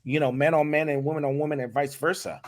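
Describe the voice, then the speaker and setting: A man talking as a guest in a casual podcast interview, animated and emphatic, often repeating his words. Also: a little high, fast talker, crowd noise. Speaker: voice acting director, guest.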